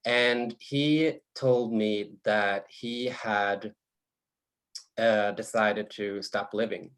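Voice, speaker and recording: A man from Sweden, an author, speaking softly and hesitantly with many restarts on a video call panel. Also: fairly low pitch, steady tone, very slow.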